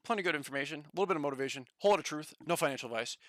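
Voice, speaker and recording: A man's voice: on the high side, racing, a bit bright, dry recording, studio quality, close to an everyday voice. A man doing an impression of a male finance streamer reciting his punchy show intro. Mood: announcing. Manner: punchy catchphrase delivery.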